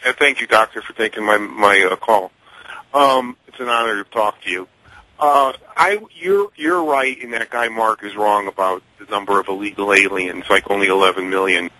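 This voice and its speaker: A man calling in to a radio talk show, telling a story in a halting, earnest way over a phone line. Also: lowish voice, pushed and bright, no echo. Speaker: caller.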